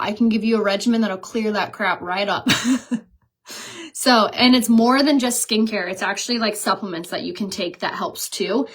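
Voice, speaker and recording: A woman in her thirties chatting casually while doing her makeup, telling stories and laughing at herself. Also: medium pitch. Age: 30s. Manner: chatty, self-mocking, storytelling, laughs at herself. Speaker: beauty vlogger.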